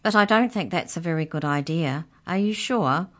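A woman's voice: fairly low pitch, expressive, moderate pace, fairly bright tone. A woman voicing a cranky talking mouse that is a tooth fairy, in an exasperated, matter-of-fact manner.

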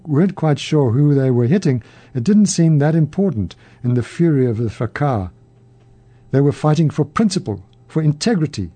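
Mellow-voiced man hosting a radio program. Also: mid-range voice, dry recording. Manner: measured, gently humorous storytelling. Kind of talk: reading a Buddhist story aloud.

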